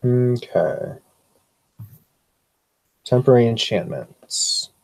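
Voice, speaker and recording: A man's voice: mid-range voice, expressive, very slow, creaky, a little mellow, dry recording. A man player talking through game rules, hesitant and thinking aloud. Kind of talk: tabletop role-play, rules talk.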